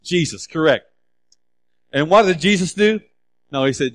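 Male pastor, high voice, lively sermon delivery with emphatic repeats. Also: unhurried. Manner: animated preaching, acts out scripture dialogue with emphatic repeats.

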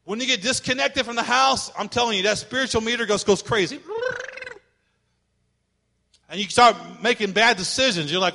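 A male pastor delivering a sermon, emphatic and repetitive, at times shouting. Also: sits high, normal speed, creaky, pauses often, a little hiss or hum.

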